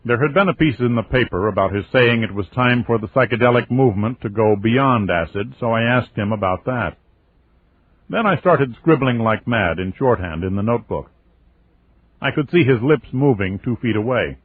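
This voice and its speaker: A man reading a first-person novel aloud as an audiobook, in a steady, wry storytelling manner. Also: mid-range voice, a little hiss or hum. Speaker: audiobook narrator. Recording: tinny lo-fi phone-like audio.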